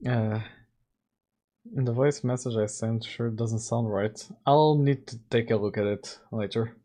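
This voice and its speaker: A man's voice: medium pitch, steady tone, measured pace, mellow. A middle-aged man hosting a casual livestream, laid-back and laughing often. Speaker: streamer and game developer.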